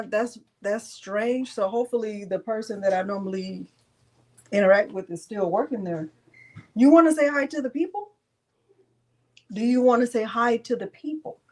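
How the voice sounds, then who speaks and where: A woman's voice: on the high side, moderate pace, long pauses. Chatty, teasing craft host woman. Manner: teasing, chatty, laughs often. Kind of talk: casual live-stream chat.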